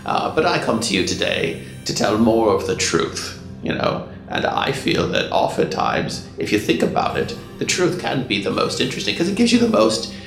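Man doing a rambling storyteller of legends, gravelly and low, roomy echo, soft music behind, game narration. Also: huge pitch swings, normal speed, hardly any pauses, heavily acted. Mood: wry. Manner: digressive, full of fillers and asides. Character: rambling male in-world chronicler, wry.

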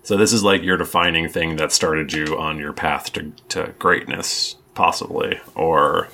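A man's voice: extremely low pitch, fairly even intonation, measured pace, gravelly, bright, forceful tone, a little hiss or hum. A man running a tabletop game as game master, explaining the rules in a rambling way with many restarts. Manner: rambling, lots of ums and restarts.

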